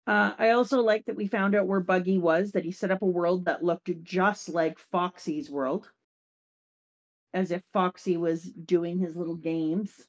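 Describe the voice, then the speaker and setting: A woman hosting a casual talk show, recapping an anime episode in lively chat and briefly acting out the characters' lines. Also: on the low side, a little slow. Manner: animated, acts out character lines. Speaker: podcast host.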